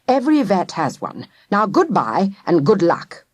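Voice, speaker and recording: A woman reading the part of a brisk, bossy aunt. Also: mid-range voice, huge pitch swings, no echo.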